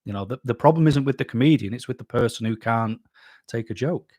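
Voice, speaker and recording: This YouTube host from England reads his live chat aloud and fires back blunt, chatty replies on a casual stream. His voice sits at medium pitch, fairly quick and a little mellow. The sound is clean studio audio without any room sound.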